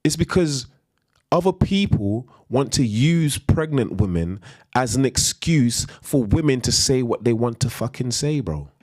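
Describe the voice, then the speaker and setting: Lively, heated ranting man streamer. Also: mid-range voice, unhurried, no echo. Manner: heated, emphatic ranting with repeated slang tags. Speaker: live-stream commentator. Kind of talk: ranting live-stream commentary.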